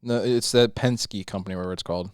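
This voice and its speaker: A man's voice: fairly low pitch, fast, smooth, dry recording, studio quality. A young man co-hosting a podcast, telling a story in casual chat, swearing freely. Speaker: podcast co-host.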